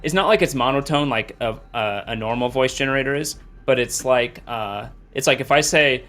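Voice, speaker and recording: A man of ordinary pitch chats casually between rounds of a tabletop game. He laughs easily and sometimes slips into mimicking a voice. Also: fast, hardly any pauses, a bit bright, faint music behind.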